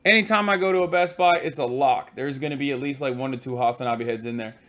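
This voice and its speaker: A man livestreaming from a hotel room, telling stories in a casual, profane, animated way. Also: mid-range voice, quick pace. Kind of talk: casual stream chat.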